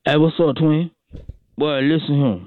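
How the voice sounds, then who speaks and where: A man spins a rambling comic tale on morning radio, drawling and circling back on the same words. His voice sits a bit high. It comes through dry and thin, like over a phone line. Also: fairly even intonation, a little slow, dry recording. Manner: drawling, repetitive, calls everyone shawty and boy. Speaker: radio show regular. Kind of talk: comedic morning radio monologue.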